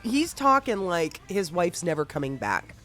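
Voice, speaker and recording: A woman's voice: on the low side, very animated, normal speed, a bit bright, soft background music. A woman hosting a podcast, chatting casually and recounting a roleplay story with frequent laughs and casual swearing. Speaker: podcast host.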